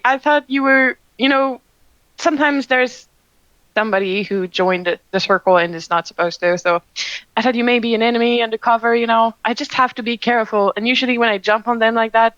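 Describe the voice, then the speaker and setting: A woman voicing a small fierce fox-eared young woman warrior, excitable and quick to suspect, in a tabletop game. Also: a little high, clear, resonant tone, no room sound, dull audio, lightly acted. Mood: explaining. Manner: suspicious then chirpy and excitable.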